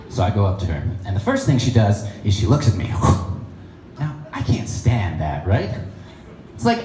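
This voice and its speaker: A young man doing stand-up, chatty and nerdy, his voice rising and falling in lively swings. The room has a roomy echo, and there is clear background noise behind him. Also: on the low side, brisk. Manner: self-deprecating, nerdy, chatty. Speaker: stand-up comedian. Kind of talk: stand-up comedy set. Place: comedy stage before an audience.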